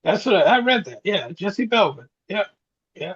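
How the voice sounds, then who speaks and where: A man's voice: high voice, very animated, normal speed, a bit bright, breathy edge. A man in his sixties, a podcast co-host, telling reflective stories in casual chat. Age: 60s. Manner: storytelling, reflective, chuckles often. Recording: dull lo-fi sound.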